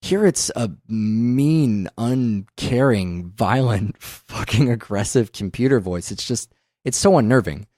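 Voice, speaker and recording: A man's voice: medium pitch, animated, takes it slowly, mellow, no echo, studio quality. A man hosting a film podcast in casual discussion, emphatic and opinionated, swearing often. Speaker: podcast host.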